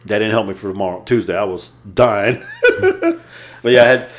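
A man's voice: fairly low pitch, fast. A man in his fifties, co-hosting a podcast in casual chat, profane and joking, telling stories and laughing often. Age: 50s. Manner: storytelling, lively delivery. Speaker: podcast co-host.

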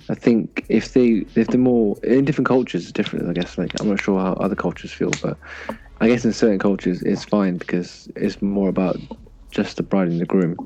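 A man speaking slowly and thoughtfully as a podcast guest in casual chat. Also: lowish voice, mellow, slightly rough. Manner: slow, thoughtful, hesitant. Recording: dull lo-fi sound with faint music.

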